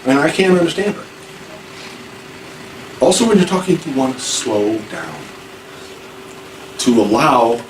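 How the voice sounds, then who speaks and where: Distant teacher in an echoey classroom. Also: male voice, mid-range voice, a little mellow. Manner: informal, repeats and restarts, acts out examples. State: hard of hearing. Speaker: ESL teacher. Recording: echoey room, far from mic, faint noise.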